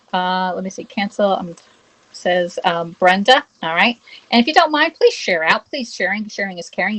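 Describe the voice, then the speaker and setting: A cooking livestream host with a mid-range voice does a live demo in her home kitchen. She greets viewers, reads their comments aloud and keeps asking "okay?" as she works. The audio quality is poor.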